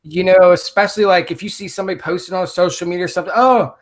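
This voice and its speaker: A man's voice: high-pitched, little pitch movement, racing. A man guesting on a podcast, talking casually and bluntly, swearing freely. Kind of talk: casual conversation.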